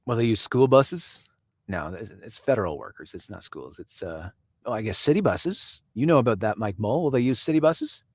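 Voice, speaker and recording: A man's voice: fairly low pitch, expressive, normal speed, dry recording. A man from Canada hosting a casual live stream. He reads viewer comments aloud, answers people by name and chuckles often.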